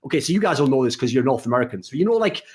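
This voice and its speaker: A man's voice: very animated, racing, darkish tone. A man hosting an esports podcast, ranting in a casual, profane way and acting out what other people say. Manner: acts out quoted people with big pitch jumps. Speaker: podcast host.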